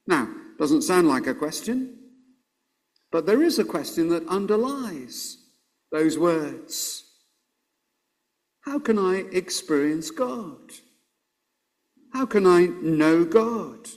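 Slow, high-voiced earnest male preacher. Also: expressive, a little mellow. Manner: earnest, measured preaching with pauses. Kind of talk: sermon.

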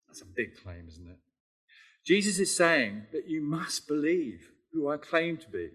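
A man's voice: fairly high pitch, big pitch swings, a little slow, fairly bright tone, breathy edge. A man preaching a sermon in a conversational, emphatic way, repeating key phrases and asking tag questions.

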